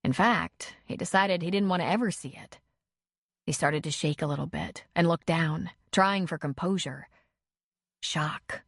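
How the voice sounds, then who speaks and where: A woman narrating an audiobook in a measured, even reading voice. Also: lowish voice, no room sound, clean studio sound. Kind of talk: scripted narration.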